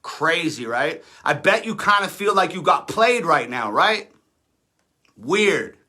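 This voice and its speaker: A man's voice: on the high side, big pitch swings, slow pace, sharp tone. Defiant, sarcastic man in his thirties. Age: 30s. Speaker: independent rapper. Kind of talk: livestream rant.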